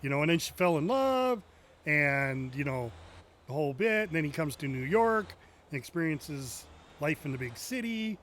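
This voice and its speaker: A game streamer with a fairly high, slightly bright voice talks casually at a moderate pace as he plays a driving game, his pitch swinging widely. He cracks jokes, laughs frequently, and makes asides to viewers, with a faint hiss beneath it all.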